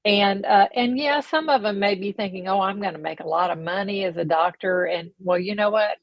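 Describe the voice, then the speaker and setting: A woman's voice: medium pitch, fairly quick, dry recording, highs cut off. Earnest woman co-hosting a faith chat. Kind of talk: casual faith talk.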